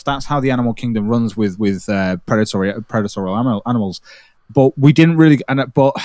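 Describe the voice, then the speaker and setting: Guy hosting a stream, retelling stuff fast and sweary, mid pitch, dry close sound. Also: dry recording. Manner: animated storytelling, swears freely, many restarts. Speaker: livestream host. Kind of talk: casual chat.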